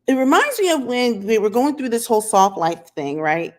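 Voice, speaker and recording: A woman's voice: on the high side, sing-song, moderate pace. A woman hosting her own opinion channel, talking straight to camera outdoors and firing rhetorical questions at viewers. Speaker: channel host. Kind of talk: casual opinion vlog monologue. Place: outdoors in sunlight.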